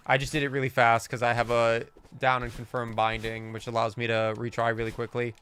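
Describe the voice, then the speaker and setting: A man's voice: medium pitch, completely flat delivery, fairly quick, a bit bright, slight background noise. A man livestreaming himself playing a game, casually commenting, groaning and swearing at his own mistakes.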